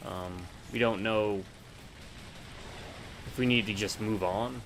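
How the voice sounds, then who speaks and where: A man's voice: lowish voice, steady tone, slow, noisy background. A man co-hosting a casual co-op gameplay video, chatting laid-back and sharing trivia. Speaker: gaming channel co-host.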